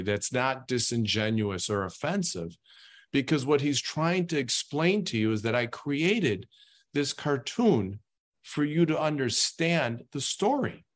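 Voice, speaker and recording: A man on a panel discussion who repeats words as he starts his sentences. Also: mid-range voice.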